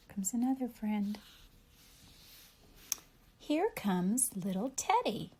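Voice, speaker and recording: Gentle teacher woman reading to kids. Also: fairly high pitch, unhurried, slight background noise. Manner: gentle, animated storybook reading with questions to kids. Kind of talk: read-aloud reading lesson for young children.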